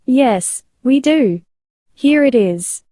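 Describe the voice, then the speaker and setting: A woman host delivering measured documentary-style narration and asking interview questions. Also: high-pitched, lively intonation, mellow, dry recording, clean studio sound.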